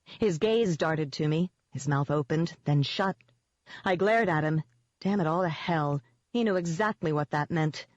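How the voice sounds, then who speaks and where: An audiobook narrator reading a first-person novel in a steady, measured way. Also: mid-range voice, no room sound. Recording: dull, dry lo-fi audio.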